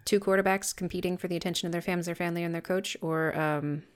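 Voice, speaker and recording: A woman's voice: lowish voice, steady tone, quick pace. A woman co-hosting a podcast, chatting casually with sarcastic, self-mocking jokes. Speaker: podcast co-host. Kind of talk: casual chat.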